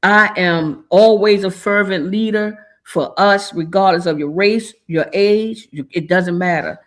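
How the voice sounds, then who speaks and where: A woman's voice: medium pitch, a little slow. Woman talk host, emotional and churchy, heartfelt community sign-off. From Maryland, USA. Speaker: show host. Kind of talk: casual talk show sign-off.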